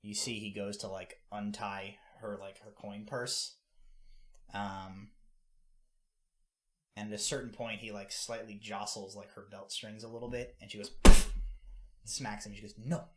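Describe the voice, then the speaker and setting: A man with a fairly low voice runs a tabletop game, describing scenes in a loose, casual way full of um and like. He talks as if to friends around a table. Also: flat delivery, unhurried, pauses often, bright, forceful tone. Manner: casual, many fillers and restarts. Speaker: game master.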